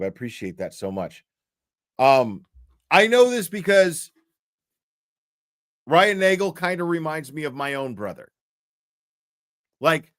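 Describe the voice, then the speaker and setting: A man's voice: medium pitch, a bit bright, no echo, studio quality. Blunt, foul-mouthed male streamer. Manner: blunt, crude, swearing often. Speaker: commentary streamer. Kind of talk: profane casual commentary over video clips.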